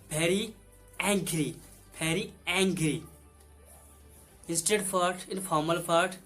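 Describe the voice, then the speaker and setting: In a fairly high, fairly bright voice, a man teaches English vocabulary, repeating each word twice in broken, simple English. His native language is Hindi.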